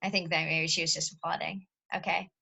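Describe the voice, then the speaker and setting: Casting: cheerful woman teacher, bright tone, hosting over a video call. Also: low voice, level tone, a little fast, gravelly, breathy edge. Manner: friendly, encouraging, light joking. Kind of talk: casual chat.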